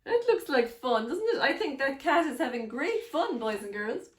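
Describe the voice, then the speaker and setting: Woman, children's story read-aloud, high and lively voice, echoey room. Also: moderate pace. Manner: animated, addresses children directly. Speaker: children's author reading aloud.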